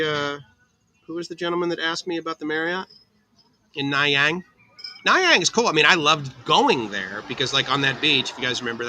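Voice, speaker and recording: A man's voice: mid-range voice, bright, forceful tone, a little hiss or hum, poor audio. A man hosting a casual livestream from a cafe, chatting upbeat with viewers and answering their comments by name. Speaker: livestream host. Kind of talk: casual live chat reading viewer comments. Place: outdoor cafe on a tropical island.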